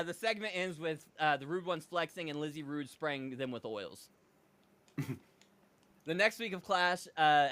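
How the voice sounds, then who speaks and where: A man's voice: on the high side, fairly bright tone, smooth, dry recording. A man hosting a podcast, casually narrating a made-up wrestling show and laughing at his own jokes. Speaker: podcast host.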